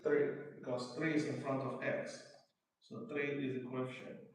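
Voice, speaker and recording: A man with a Nigerian accent teaching a live math lesson, repeating each definition slowly and quizzing his student. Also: mid-range voice, flat delivery. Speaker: math tutor. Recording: very echoey room, mic far off.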